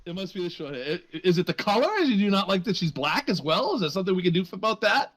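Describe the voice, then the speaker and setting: A man's voice: high-pitched, lively intonation, fast talker, fairly bright tone. A man running a tabletop game as game master, joking crudely and laughing often with his players. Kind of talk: casual tabletop game chat.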